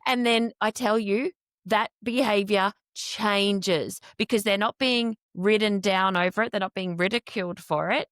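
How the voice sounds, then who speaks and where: A woman's voice: medium pitch, fairly even intonation, measured pace, fairly bright tone, no echo, clean studio sound. A woman hosting an interview, talking earnestly and emphatically as a foster carer. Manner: earnest, emphatic, acts out quoted speech.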